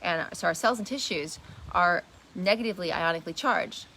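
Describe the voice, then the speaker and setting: Earnest woman teaching with gravelly bright voice. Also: on the low side, fairly quick, a little hiss or hum. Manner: earnest, with frequent restarts and repeated words. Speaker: wellness teacher. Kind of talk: casual live teaching talk. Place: indoors, shifting light.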